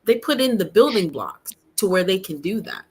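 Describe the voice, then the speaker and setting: A woman's voice: mid-range voice, very animated, moderate pace, breathy edge. A woman co-hosting a casual podcast, opinionated, often laughing and trailing off. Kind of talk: casual chat.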